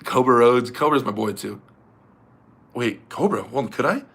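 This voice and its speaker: A man hosts a casual fundraiser livestream and chats loosely with viewers in a bright, sharp voice. He rambles, restarts his sentences and laughs often as he talks. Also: mid-range voice, animated, moderate pace, vocal fry, slightly rough. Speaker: livestream host.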